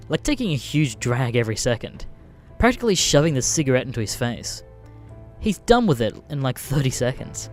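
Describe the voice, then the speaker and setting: A man narrating a story in a casual, profane, wry way. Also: medium pitch.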